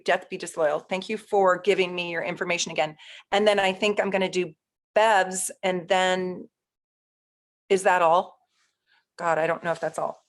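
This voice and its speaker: A woman astrologer hosting a casual live stream, chatting with viewers, easily flustered and laughing often. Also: lowish voice.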